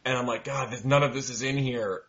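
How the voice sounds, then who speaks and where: A man's voice: medium pitch, fairly even intonation, a little fast, fairly bright tone. A man playing a tabletop game with friends, chatting casually, joking and laughing a lot. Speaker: player. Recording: dull lo-fi sound.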